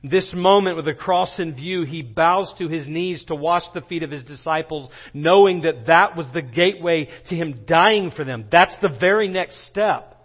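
A pastor preaching a sermon, his intensity rising as he acts out quoted lines. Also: fairly high pitch. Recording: dull lo-fi recording.

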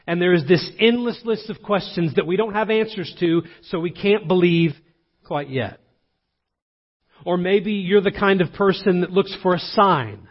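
A man's voice: high voice, moderate pace, in a large hall, lo-fi sound. A man preaching a sermon as pastor, earnest and driving his points home by repeating them. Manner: earnest, emphatic repetition.

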